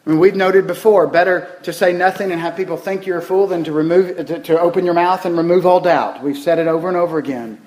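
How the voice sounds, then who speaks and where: A man's voice: sits high, fairly even intonation, fast talker, few pauses, darkish tone, roomy sound, poor audio. A man preaching a sermon, telling folksy stories and asking the congregation rhetorical questions. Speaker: pastor.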